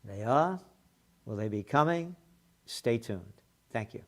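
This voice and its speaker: A man's voice: mid-range voice, lively intonation, slow pace. A man, a trends forecaster and publisher, delivering a combative ranting commentary with profane, mocking asides and emphatic repetition. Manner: emphatic, repeating words as he builds a point.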